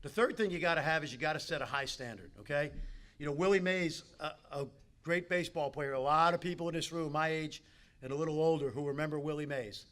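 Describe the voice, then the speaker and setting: Speaking fast in a voice on the high side, a keynote speaker gives a motivational talk at a team dinner in a banquet hall. He is an animated storyteller, spinning stories and addressing the players directly.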